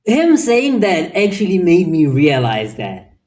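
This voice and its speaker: A man's voice: sits high, wildly swooping pitch, measured pace, a little mellow. A man hosting a reaction video, talking in a casual, incredulous, musing way.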